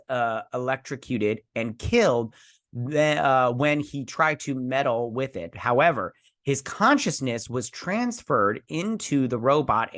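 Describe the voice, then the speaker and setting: A man's voice: mid-range voice, a bit bright. A man hosting a casual weekly geek news recap, chatty and rambling, tripping over names. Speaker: host.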